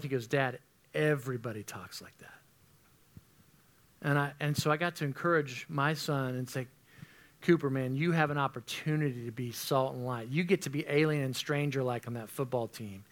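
A man's voice: on the high side, a bit bright. Earnest male youth pastor preaching. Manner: earnest, conversational, addresses the group as guys. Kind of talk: sermon to junior high students.

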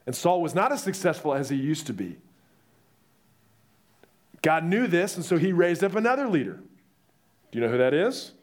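A young man preaching a sermon, telling the story in a lively way and acting out the voices. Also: on the high side.

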